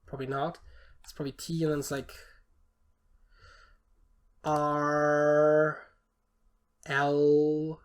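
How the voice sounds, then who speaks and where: A podcast co-host in loose, casual chat, muttering through guesses and thinking out loud. The voice sits at an ordinary middle pitch, and the talk is full of fillers and offhand swearing. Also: completely flat delivery, slow pace, long pauses.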